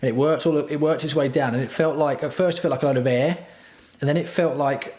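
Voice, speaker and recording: A man's voice: a little high, fairly even intonation, fast talker, a little mellow. Profane, rambling man, roomy room. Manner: profane, crude, self-mocking storytelling. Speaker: livestream host. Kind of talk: rambling casual livestream chat.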